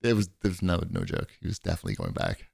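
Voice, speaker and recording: A man's voice: low-pitched, rapid-fire, vocal fry, slightly rough, dry recording. A man co-hosting a podcast in casual chat, telling long rambling stories and raising his voice when he quotes other people. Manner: rambling storyteller, animated when quoting others. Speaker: podcast co-host.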